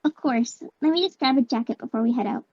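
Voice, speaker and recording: A woman voicing Amy Rose, a gentle, lovelorn young female hedgehog, in an amateur fan drama. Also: a little high, fast, no room sound, lo-fi sound, natural voice. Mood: earnest.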